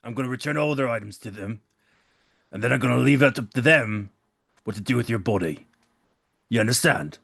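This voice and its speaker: A man taking part in a tabletop game, with a gravelly voice at a middle pitch. He speaks his character's lines bluntly and sternly. The recording is dry, with no echo. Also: a little fast, long pauses, a bit bright. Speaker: player.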